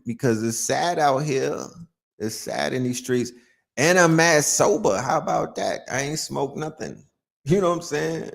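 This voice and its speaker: A man's voice: medium pitch, measured pace, creaky. A man hosting a casual live-stream chat, joking around and tagging lines with "you know what I'm saying". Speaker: host.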